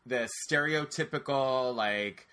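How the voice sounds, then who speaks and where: A man telling a personal story on a casual podcast, animated and profane, talking straight to his listeners. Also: mid-range voice, slow pace.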